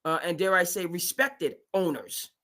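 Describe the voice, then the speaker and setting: Host, male, high bright voice, animated and emphatic live sports talk. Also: normal speed. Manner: animated, emphatic, mimics owners in asides.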